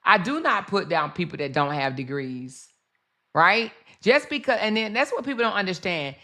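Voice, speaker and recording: A woman hosts a casual livestream with a bright, forceful voice. She chats animatedly straight to her viewers, laughing often as she comments. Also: lowish voice, moderate pace. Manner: chatty, animated, talks to her chat directly; laughs often while talking.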